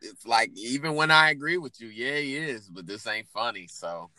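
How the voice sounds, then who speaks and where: A man's voice: medium pitch, expressive, normal speed, pushed and bright, no echo. A man from Indianapolis, a comedian chatting casually on a podcast, laid-back and loose with his swearing. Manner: laid-back, swears, does mocking voices in stories. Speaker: comedian guest.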